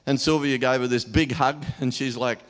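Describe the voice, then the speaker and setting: A man's voice: mid-range voice, fairly even intonation, normal speed. A man preaching an informal sermon in a church hall, telling stories in a chatty way and laughing often.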